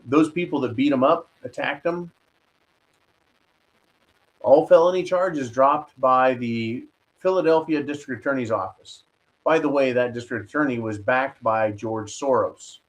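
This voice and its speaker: A man's voice: medium pitch, a little slow, low-quality recording. Indignant man hosting a commentary show. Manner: indignant, sarcastic, ranting. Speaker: host.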